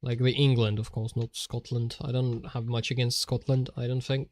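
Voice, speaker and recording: A man's voice: mid-range voice, flat delivery, moderate pace, a little mellow. A man streaming while he draws, rambling in a jokey way and often laughing.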